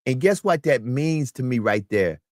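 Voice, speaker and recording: A man's voice: mid-range voice, lively intonation, normal speed, a little mellow, no echo, clean studio sound. A man speaking as a talk show guest, emphatic and preachy, often repeating his words. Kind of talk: casual talk show chat.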